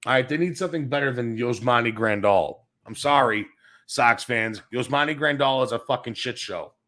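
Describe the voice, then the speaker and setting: A man's voice: mid-range voice, normal speed. Brash, crude man ranting on sports. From Chicago area. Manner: loud, blunt and crude, ranting. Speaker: sports show host. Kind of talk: profane sports rant. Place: home studio, smoking while talking.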